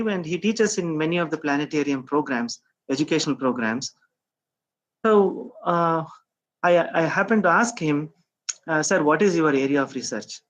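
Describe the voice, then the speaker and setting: A man's voice: fairly high pitch, fairly bright tone, rough recording. A middle-aged man gives a conference talk, thinking aloud with many hesitations and rhetorical questions. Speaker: speaker at a science outreach event.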